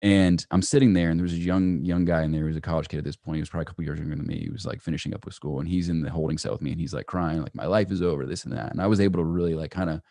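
A young man telling a personal story as a podcast guest, animated and full of "right?" asides. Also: a bass voice, racing, few pauses, no echo. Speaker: entrepreneur guest.

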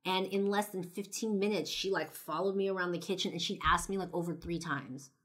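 A young vlogger from Los Angeles, United States speaks straight to camera in a low, deep-set voice that's a bit bright, with fairly even intonation and a slightly fast pace. She tells her story conversationally, scattering "like" and "you know" throughout and swearing bluntly.

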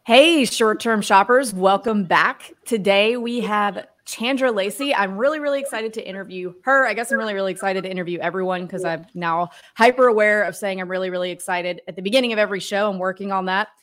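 A woman's voice: medium pitch, fast, few pauses, a bit bright. A woman hosting a podcast, introducing her guest in a bubbly way and laughing easily. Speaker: podcast host. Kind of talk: upbeat podcast interview intro.

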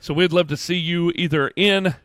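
A man's voice: a little high, steady tone, moderate pace, fairly bright tone, no room sound. A man hosting a podcast, chatting casually and announcing upcoming meetups. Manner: friendly, chatty, announces events. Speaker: podcast host. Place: home studio.

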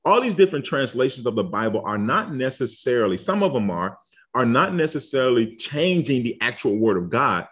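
A man's voice: medium pitch, big pitch swings, a little fast, a bit bright. A man giving an informal Bible study lesson, talking conversationally and often checking in with "okay?" and "all right?". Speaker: Bible teacher. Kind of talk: casual teaching talk.

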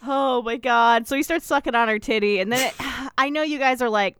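A woman's voice: a little high, a bit bright, smooth, no room sound. A woman co-hosting a casual TV recap podcast, retelling scenes sarcastically. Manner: sarcastic, fast-talking storyteller. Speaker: podcast co-host.

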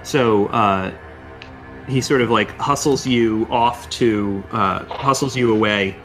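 Low-voiced male game master. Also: slow pace, fairly bright tone, faint music behind. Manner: hesitant, lots of filler. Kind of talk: narrating a tabletop game.

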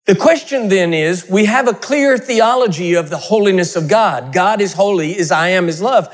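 A man's voice: high-pitched, animated, moderate pace. A man preaching a sermon, telling funny stories in a conversational way. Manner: humorous storytelling, conversational.

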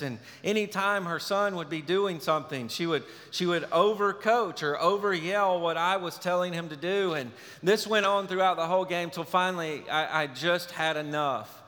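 Bright-voiced man preaching in a hall. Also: sits high. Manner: conversational storytelling preacher. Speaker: pastor. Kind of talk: sermon. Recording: long reverb of a large hall.

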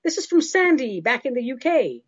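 British woman, talk-show host, breathy husky voice, muffled lo-fi sound, chatty and theatrical with listeners. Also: high voice, sing-song, normal speed, no echo. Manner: chatty and theatrical, calls listeners love and darling. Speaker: host answering listener questions. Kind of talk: spiritual call-in talk show.

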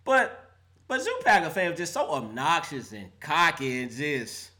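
A man's voice: on the high side, huge pitch swings, unhurried, sharp tone. A man hosting a live call-in sports show, roasting players and fans with playful trash talk and frequent laughter.

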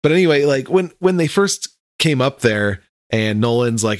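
A laid-back man in casual podcast conversation, musing aloud and agreeing easily. His voice sits at a middling pitch for a man, recorded dry and close to the mic. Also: animated, normal speed, no room sound. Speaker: podcast co-host. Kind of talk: casual chat.

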